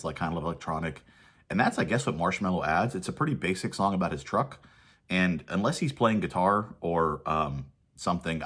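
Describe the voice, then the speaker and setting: A man's voice: very deep voice, fairly bright tone, husky. A man reviewing an album track by track in a casual, thinking-aloud way with plenty of fillers. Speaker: music reviewer.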